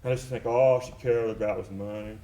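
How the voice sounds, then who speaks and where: A man's voice: fairly low pitch, steady tone, fast talker, warm tone. A man performing a theatrical one-man monologue on stage, telling his story in a reflective, tender and wry way. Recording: echoey live theater recording.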